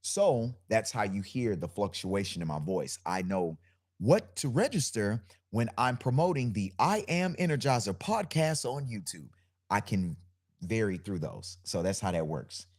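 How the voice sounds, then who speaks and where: A low-pitched man with a deep bass voice talks on his live podcast stream. He speaks in a loose, conversational way, giving spiritual motivational talk, repeating phrases and building on them. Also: sing-song, unhurried. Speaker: podcast host.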